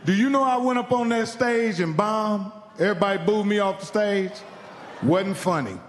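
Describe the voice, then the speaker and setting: A man's voice: high voice, moderate pace, long reverb tail, a little hiss or hum. A man from Indiana doing stand-up, telling a profane story and acting out the other people in it. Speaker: stand-up comedian. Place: live comedy venue.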